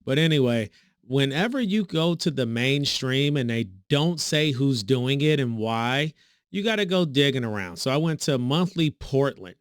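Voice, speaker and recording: A man hosting a reaction video, talking sarcastically and mockingly, with sudden high swoops in his voice. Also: moderate pace, clear, resonant tone, no room sound, clean studio sound. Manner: sarcastic, mocking, animated pitch swings. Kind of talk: reaction commentary.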